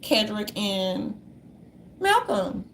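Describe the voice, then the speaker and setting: Sassy gravelly woman calling everyone darlings. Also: mid-range voice, big pitch swings, very slow, slight background noise. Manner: sassy, calls listeners darlings. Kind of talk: casual monologue reading from notes.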